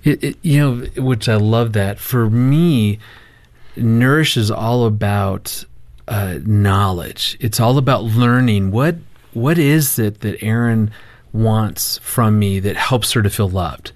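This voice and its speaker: A man with a fairly low voice tells a family story as a guest on a talk show. He is animated, quotes himself, and often breaks into laughter. The recording is dry and close. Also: slow pace, dry recording. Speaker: marriage ministry guest.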